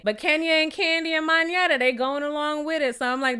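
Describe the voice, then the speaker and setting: A woman giving casual, gossipy commentary on a reality TV episode, sassy and quick to laugh. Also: high voice, animated, pushed and bright. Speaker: reality TV reviewer.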